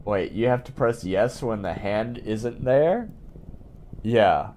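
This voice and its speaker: A man's voice: lowish voice, lively intonation, takes it slowly, a little mellow, a little hiss or hum. A man streaming a game, giving casual gaming commentary while swearing and laughing at how janky it is.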